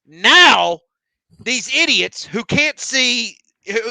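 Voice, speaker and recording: Animated, high-voiced New man ranting. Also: extremely slow, creaky, no room sound. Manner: emotional, animated ranting with heavy profanity. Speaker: podcast co-host. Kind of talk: heated casual chat.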